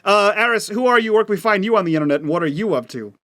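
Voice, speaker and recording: A man's voice: high voice, animated, rapid-fire, bright, forceful tone. A man hosting, wrapping up a tabletop game stream in a loose, chatty way with casual swearing. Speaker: host. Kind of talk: casual show outro.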